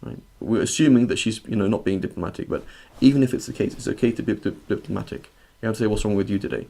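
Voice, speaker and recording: A low-pitched man with a gravelly, creaky edge teaches an informal religious lesson. He reads passages in classical Arabic, translates them, and unpacks their meaning conversationally. He often checks in with his listeners. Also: quick pace, dark tone. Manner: reads Arabic text, then translates and explains it. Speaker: Islamic teacher.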